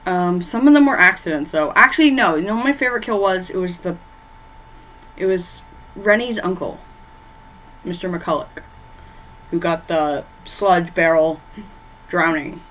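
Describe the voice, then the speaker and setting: Speaking at a measured pace with long pauses, a woman with a fairly low voice comes through poor audio with slight background noise. She ranks horror movies in a rambling bedroom chat, heavy on fillers and often losing track of names.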